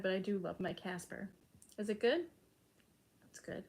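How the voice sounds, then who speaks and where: A woman's voice: medium pitch, moderate pace, breathy edge. A young woman from Chicago chatting casually with her stream's chat, full of "like" and casual swearing. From Chicago, United States.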